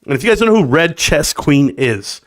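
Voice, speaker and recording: A man hosting his own live stream, ranting casually in an animated, blunt way. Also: a little fast. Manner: animated and blunt, pitch jumping up with emphasis. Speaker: livestream host.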